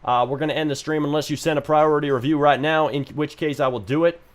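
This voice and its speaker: A man's voice: fairly high pitch, fairly even intonation, quick pace. A man giving blunt, joking critique while live-streaming game reviews. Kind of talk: casual live-stream commentary.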